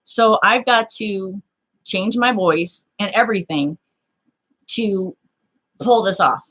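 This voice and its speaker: Speaking slowly in a mid-range voice, this woman shares a personal story during a casual chat. Her delivery is animated, blunt and full of profanity, and she performs the voices of everyone she quotes.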